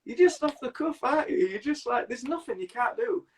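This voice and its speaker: A man's voice: very high-pitched, expressive, a little fast, a little hiss or hum. A man from Leeds with a Yorkshire accent, interviewing in a jokey, enthusiastic casual chat. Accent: Yorkshire English. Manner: jokey, enthusiastic, laughs often.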